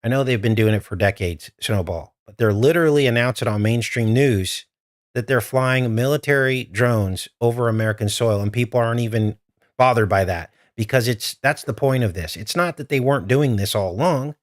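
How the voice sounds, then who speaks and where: A man's voice: mid-range voice, normal speed, no echo, clean studio sound. A man hosting a live stream, talking straight to his viewers in an urgent, earnest way. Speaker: livestream host.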